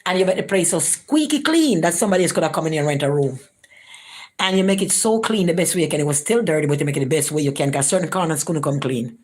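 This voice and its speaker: Lady venting her story to camera, low voice, jumps up high when she quotes people. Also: fast talker. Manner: animated, acts out quoted voices, rising pitch for quotes. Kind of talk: casual storytelling vlog.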